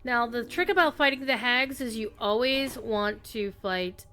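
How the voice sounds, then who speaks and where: A woman's voice: on the high side, unhurried, sharp tone, a little hiss or hum. A woman streamer giving wry, chatty commentary while playing a game. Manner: chatty, wry, throat-clearing. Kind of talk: casual gameplay commentary.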